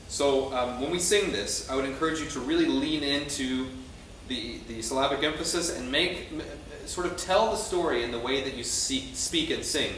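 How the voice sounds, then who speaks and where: Male choral conductor teaching a rehearsal, mid-pitched and measured, faint background noise. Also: fairly bright tone. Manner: explanatory, with frequent ums and restarts. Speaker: choir conductor. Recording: very echoey room, distant mic, faint noise.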